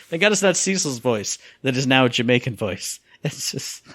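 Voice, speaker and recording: A man co-hosting a casual gaming podcast, telling stories with lively acted-out quotes and sound effects. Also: mid-range voice, a little fast, no room sound. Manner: animated storyteller, acts out quotes and sound effects. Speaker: podcast co-host.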